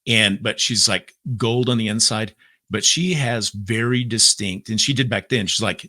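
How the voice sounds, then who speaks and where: A man, a guest on an interview show, telling a story in a casual, lively way and acting out what he said back then. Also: lowish voice, normal speed, dry recording, clean studio sound. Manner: lively storyteller who acts out his own quotes; talks in bursts with many fillers and restarts. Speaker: podcast guest.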